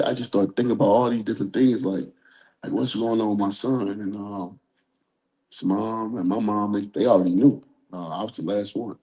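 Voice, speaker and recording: A man with a somewhat low, warm and mellow voice talks openly in a casual interview. He rambles a little, circling back with fillers, and stays earnest throughout. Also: steady tone, normal speed. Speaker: interview guest.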